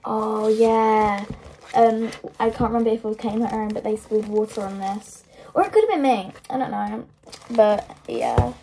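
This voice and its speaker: A woman's voice: on the high side, normal speed, vocal fry, warm tone, a little hiss or hum. A woman chatting casually on camera through earbuds, giggling and rambling with self-mocking asides. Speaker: vlogger. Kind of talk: casual show-and-tell chat. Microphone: wireless earbuds.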